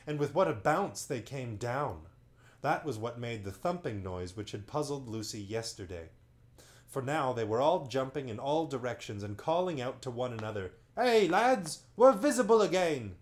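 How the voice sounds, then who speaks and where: A man reading a children's novel aloud as a bedtime story on a livestream, slow and expressive. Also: medium pitch.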